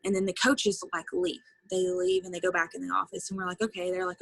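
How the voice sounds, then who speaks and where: Creaky-voiced young woman telling a story. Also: on the low side, flat delivery, fast, hardly any pauses, a bit bright, no echo, rough recording. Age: 20s. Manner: chatty, lots of fillers, emotional retelling. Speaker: interview guest, former college softball player. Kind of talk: casual storytelling interview.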